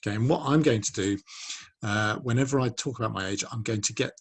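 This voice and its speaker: A man's voice: mid-range voice, fast talker, husky. A man in his forties teaching a French lesson to children, patiently drilling pronunciation and encouraging them to repeat. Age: 40s.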